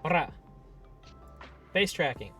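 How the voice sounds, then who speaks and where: A man's voice: on the high side, animated, extremely slow, pushed and bright, soft background music. A man streaming a game live, chatting casually in a rambling, playful way and swearing now and then.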